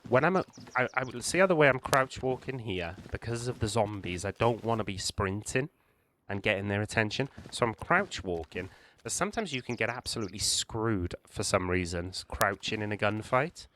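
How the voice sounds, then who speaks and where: A man with a fairly low voice narrates a survival game walkthrough in a calm, explanatory way, stopping to restart his sentences now and then. A faint hiss of noise sits under the recording. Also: normal speed. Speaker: gaming channel host. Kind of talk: gameplay walkthrough commentary.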